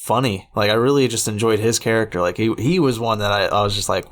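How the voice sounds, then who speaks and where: A man's voice: fairly low pitch, brisk. A man co-hosting a podcast, chatting casually about a movie, often hesitating and repeating words as he stumbles. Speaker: podcast co-host. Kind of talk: casual movie-review chat.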